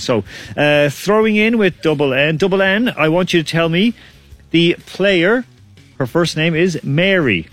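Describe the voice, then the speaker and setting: A man's voice: a little high, no room sound. A man hosting a casual online quiz, chatty and laughing often. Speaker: quiz host.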